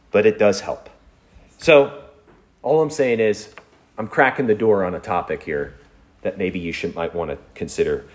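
Male pastor, animated pitch, casual storytelling sermon. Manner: conversational, storytelling, chuckles often.

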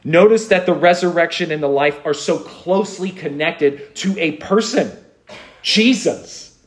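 A man's voice: fairly high pitch, unhurried. A man preaching a sermon, earnest, with rhetorical questions and repeated refrains. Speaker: pastor. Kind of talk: expository sermon.

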